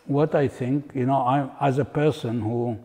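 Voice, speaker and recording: An older man, an interviewed artist telling anecdotes in an unhurried, reflective way. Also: mid-range voice, steady tone, darkish tone, in a large hall, slight background noise. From Israel. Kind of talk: reflective storytelling.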